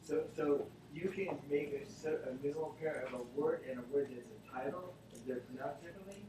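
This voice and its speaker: A student in a classroom asking halting questions of the teacher. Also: mid-range voice, background noise. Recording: echoey classroom captured from a distance.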